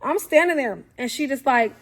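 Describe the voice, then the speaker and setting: A young woman tells a story to camera in a casual, animated way. Her voice sits high, and she keeps slipping into the voices of the people in her story. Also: moderate pace. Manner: animated, acts out quotes, frequent fillers.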